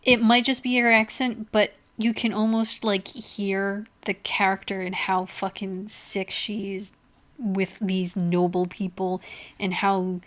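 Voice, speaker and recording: A woman's voice: medium pitch, little pitch movement, slow pace, fairly bright tone. A woman co-hosting a podcast, chatting casually with some hesitation and casual swearing. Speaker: podcast co-host. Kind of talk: casual chat.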